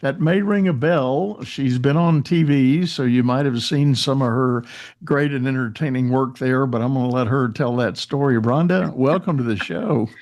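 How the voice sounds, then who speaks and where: A man hosts a podcast and introduces his guest, speaking at a medium pitch for a man. He sounds friendly and relaxed, with a few fillers. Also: moderate pace. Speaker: podcast host.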